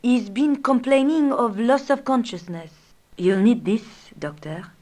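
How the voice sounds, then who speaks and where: A courteous, smiling young nurse in a game who answers questions helpfully. Her voice sits somewhat high. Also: animated, a little slow, warm tone. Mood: polite. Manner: polite and helpful. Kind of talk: video game voice acting.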